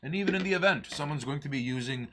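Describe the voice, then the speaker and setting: Man, livestream co-host, bright voice, joking, rambling, crude banter. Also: on the high side, quick pace. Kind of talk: casual livestream chat while painting.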